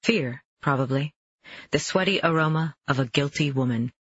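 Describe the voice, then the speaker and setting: Husky male audiobook narrator. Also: a little high, moderate pace, fairly bright tone. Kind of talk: first-person novel narration. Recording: dull lo-fi dry recording.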